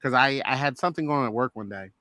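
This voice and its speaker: Middle-aged man, co-host, bright forceful voice, enthusiastic, acts out lines. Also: medium pitch, rapid-fire, no room sound. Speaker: podcast co-host. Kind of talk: casual movie review chat.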